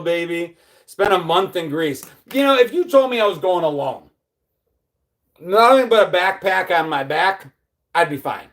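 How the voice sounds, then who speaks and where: Anxious, rambling high-voiced American man. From United States. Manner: anxious, self-deprecating, rambling with restarts. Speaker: livestream host. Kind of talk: casual live chat reading viewer comments.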